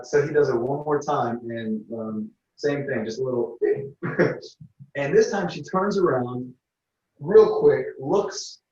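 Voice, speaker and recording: A man, an interview guest, telling a story in a casual, halting way and acting out what others said. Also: medium pitch, echoey room, recorded from a distance, lo-fi sound. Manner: animated, halting storytelling that acts out others' lines.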